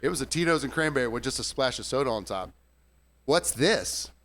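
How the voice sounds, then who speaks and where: Here a bartender with a mid-range voice talks rapid-fire through a story in a relaxed podcast chat. He swears a lot, stays animated and does voices for his customers.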